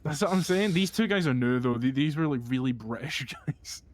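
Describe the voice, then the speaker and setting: A man's voice: fairly high pitch, animated, fairly quick. A man chatting in character during a roleplay game, rambling through stories with frequent laughter and swearing. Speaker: streamer playing a roleplay character. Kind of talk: casual in-character roleplay chat.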